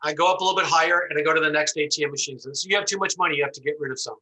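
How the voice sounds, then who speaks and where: A man teaching an online class, telling an animated story and acting out the voices as he explains. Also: fairly high pitch, very fast, rough recording. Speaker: instructor.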